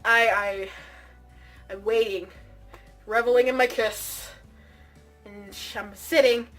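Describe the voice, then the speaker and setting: Recounting a funny personal story for her vlog, a young woman gets dramatic and excited, often raising her voice for effect, in a voice a little on the high side.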